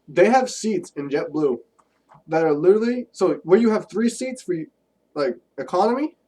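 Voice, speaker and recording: A man's voice: high voice, lively intonation, moderate pace, mellow. A young man co-hosting a casual podcast, telling stories with lots of laughter. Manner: laughs often while storytelling, quotes people in voices. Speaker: podcast co-host. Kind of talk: casual chat. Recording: distant from the mic.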